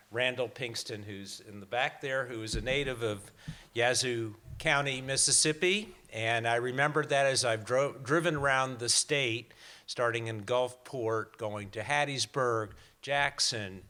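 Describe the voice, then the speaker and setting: A man's voice: medium pitch, sharp tone. A man in his sixties gives a prepared talk to a live audience, telling stories in a wry way with small hesitations. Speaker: guest speaker. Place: lecture hall before a live audience.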